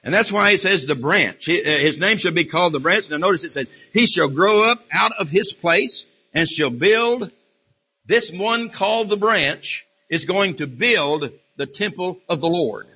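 Passionately preaching a sermon, a man frequently stumbles, restarts his phrases and uses fillers. His voice is high, animated, sharp-toned and husky. The recording has the reverberation of a large hall.

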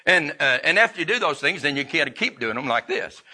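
A man's voice: fairly high pitch, very animated, fairly quick, sharp tone. A man preaching a sermon in a folksy way, with restarts and chuckles.

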